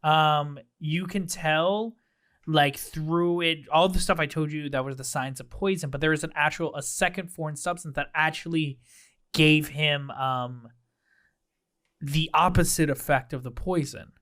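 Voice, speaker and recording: Male game master, slightly raised pitch, casual loose narration, quick to laugh. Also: fairly even intonation. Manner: laughs often, bursts into loud character voices.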